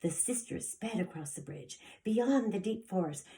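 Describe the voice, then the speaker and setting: A woman, a preschool teacher, reading a picture book aloud with animated storytelling, her voice rising high as she counts. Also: normal speed.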